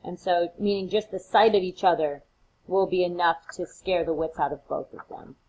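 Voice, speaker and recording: A woman's voice: on the low side, normal speed, darkish tone, low-quality recording. A woman giving a recorded literature lecture, retelling the scenes in casual, modern words and acting out the quotes playfully.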